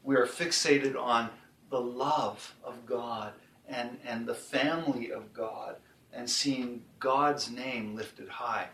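A man hosting a casual faith discussion, talking in a rambling, animated way and laughing easily. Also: medium pitch, takes it slowly, a little hiss or hum. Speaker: host. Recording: roomy sound, mic at a distance.

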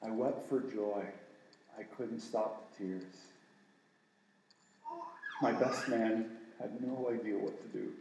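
A man's voice: lowish voice, steady tone, takes it slowly, gravelly, pauses often, darkish tone, slight background noise. A middle-aged man preaching a sermon in an earnest, conversational way with casual asides to the room. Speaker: pastor. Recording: roomy echo, mic at a distance.

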